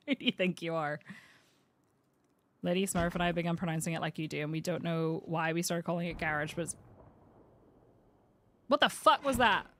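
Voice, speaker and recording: A woman from Northern Ireland with a Northern Irish accent, a game streamer chatting casually with her chat, self-mocking and quick to laugh. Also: fairly low pitch, a bit bright. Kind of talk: casual live-stream chat while playing.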